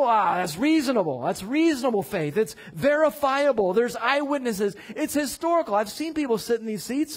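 A man preaching a sermon as pastor in a church, animated, acting out quoted voices and rising to loud declarations. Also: very high voice. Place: church sanctuary.

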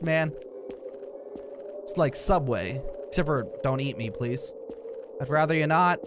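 A young man commenting on a horror game in a goofy, jokey way, with loud outbursts, over game music. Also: fairly high pitch, lively intonation, measured pace, long pauses, background noise. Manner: goofy, jokey, breaks into shouts and silly singing. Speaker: gaming YouTuber.

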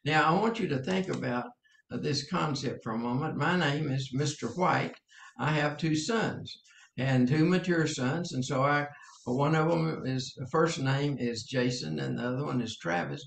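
An older man gives an earnest, halting sermon in a slightly high, gravelly voice. His words ring in a roomy, echoing space. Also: slight background noise. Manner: earnest, halting, with many fillers and repeats. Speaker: preacher. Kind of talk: teaching sermon.

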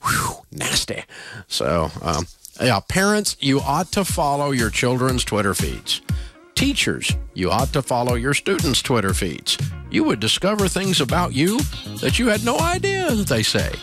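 A man's voice: mid-range voice, wildly swooping pitch, normal speed, music in the background. A man with a Southern US accent hosting a talk radio show, blunt and joking in casual banter.

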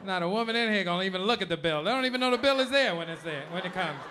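A man performing a loud, animated, profane stand-up comedy routine on a comedy club stage. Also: sits high, racing, slight background noise. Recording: live club audio with crowd laughter.

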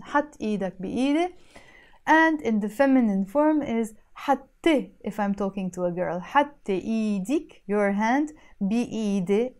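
A woman with a Lebanese accent runs a spoken language lesson. She talks at a middling pitch and patiently repeats each phrase, then breaks it down word by word. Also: a little mellow. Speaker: language teacher.

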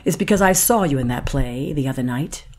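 A woman's voice: rumbling low, animated, brisk, darkish tone. A woman doing the voice of a stern female judge who scolds and questions her in disbelief. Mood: dry. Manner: scolding and incredulous. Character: stern, blunt woman judge in a night court.

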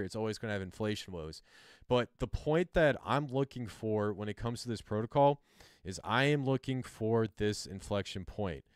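A man's voice: fairly low pitch, clear, resonant tone, no echo, clean studio sound. A man hosting a livestream, casually explaining a chart he sketches as he goes, loose and chatty with some self-mocking asides. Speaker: crypto livestream host. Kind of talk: casual explainer while drawing on a screen.

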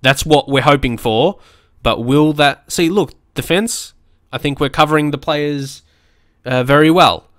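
Excitable male gamer, smooth voice, dry close-mic sound, lively let's play commentary. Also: on the high side, a little slow, no room sound. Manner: excitable, shouting at the screen and swearing. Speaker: gaming YouTuber.

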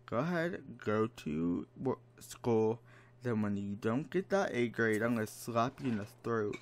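A man's voice: medium pitch, lively intonation, unhurried, creaky, slight background noise. A man giving casual commentary while playing a life-sim game, exasperated and dramatic, mock-scolding the characters. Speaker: let's play gamer. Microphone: desk microphone.

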